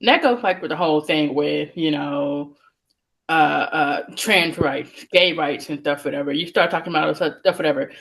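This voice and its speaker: A woman's voice: low-pitched, moderate pace, creaky, a bit bright. A woman co-hosting a casual chat who states her opinions emphatically. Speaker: co-host.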